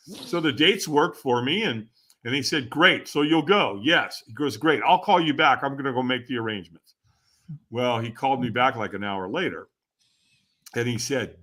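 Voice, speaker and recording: A man as a podcast guest, telling a personal story in a casual, animated way, laughing often and acting out what others said. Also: mid-range voice, normal speed. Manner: animated, laughs often, acts out quoted voices.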